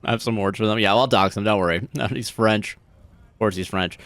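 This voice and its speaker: A man's voice: on the low side, a little fast, fairly bright tone, no room sound. A man livestreaming a game, joking, swearing and laughing as he reacts. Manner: joking, profane, laughs often. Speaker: streamer. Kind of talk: casual game livestream commentary.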